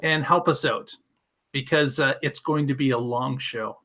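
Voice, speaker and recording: A man's voice: medium pitch, steady tone, a little slow, fairly bright tone. A man hosting a casual panel show over a video call, upbeat and joking as he introduces the panel. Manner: upbeat, jokey, emcee-like. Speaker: show host.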